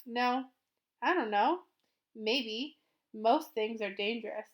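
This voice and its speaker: A woman's voice: fairly high pitch, takes it slowly. A woman voicing a wary, defiant boy who climbs rooftops. He speaks bluntly and curtly and drops in the odd French word. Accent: occasional French words. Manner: blunt, curt and dismissive.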